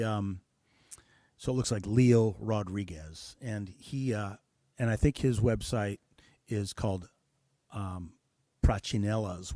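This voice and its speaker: A man from the United States, a guest musician talking in a relaxed interview, thoughtful and pausing often with fillers. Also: on the low side, dry recording, studio quality. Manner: thoughtful, many hesitations and fillers. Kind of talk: casual interview talk.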